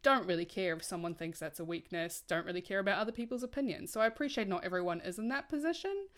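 Podcast co-host, young woman, low-ish voice, candid and earnest, chatty. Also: lively intonation, quick pace, fairly bright tone. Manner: candid and earnest, often says "like". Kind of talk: casual chat.

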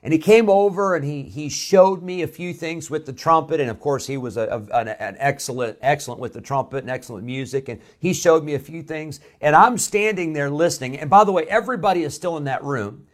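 A man's voice: a little high, a little fast, hardly any pauses. A man from Illinois preaching a sermon as pastor. He tells a personal story in a conversational way, with frequent "uh" fillers and restarts.

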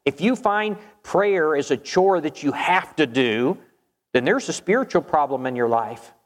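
A man's voice: on the high side, lively intonation, a little slow, long reverb tail. A man preaching a sermon in an earnest, emphatic way, reading scripture aloud and addressing the congregation.

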